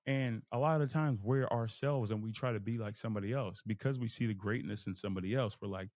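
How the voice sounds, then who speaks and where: A young man from Texas, hosting a podcast and giving an emphatic, animated motivational talk. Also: medium pitch, a little fast, creaky, dry recording, clean studio sound. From Fort Worth, Texas. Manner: animated, emphatic, acts out inner voices. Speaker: podcast host. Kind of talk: motivational monologue.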